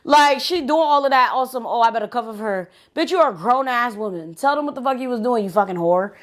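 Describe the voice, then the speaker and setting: A woman vlogger telling a story in an animated, profane way, with laughing asides. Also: high-pitched, fast. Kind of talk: storytime vlog.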